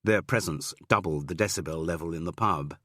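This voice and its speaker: A man narrating an audiobook in a steady, measured way with dry wit. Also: low-pitched, dry recording.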